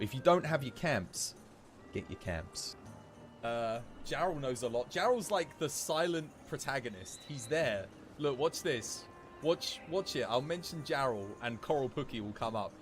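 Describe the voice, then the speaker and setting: A man's voice: medium pitch, expressive, measured pace, soft background music. A young man streaming a game, chatting casually with viewers, joking and swearing now and then. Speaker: gaming streamer. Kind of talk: casual livestream chat while playing.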